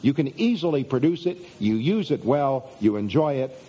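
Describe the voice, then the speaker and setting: Husky man giving a self-help talk. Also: mid-range voice, lively intonation, normal speed, dark tone. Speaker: motivational speaker.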